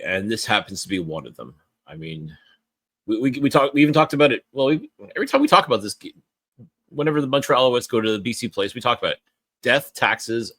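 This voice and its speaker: A man's voice: fairly low pitch, a bit bright, slightly rough, no echo, clean studio sound. Wry male podcast co-host. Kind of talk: casual podcast chat.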